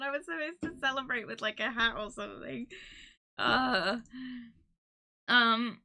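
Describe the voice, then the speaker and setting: A woman's voice: on the high side, unhurried, noisy background. A young woman streaming live, chatting casually and emotionally, laughing and close to tears as she thanks her viewers.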